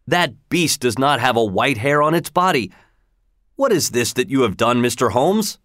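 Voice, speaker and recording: A man's voice: medium pitch, expressive, normal speed, a bit bright, no echo, clean studio sound, close to an everyday voice. A man reading the part of an indignant older colonel who owns a racehorse, exclaiming in outrage and bewilderment. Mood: bewildered.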